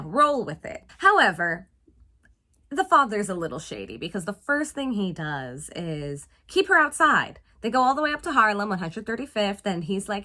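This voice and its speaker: A woman hosting a casual, playful film review show and chatting in an animated way. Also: mid-range voice. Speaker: host.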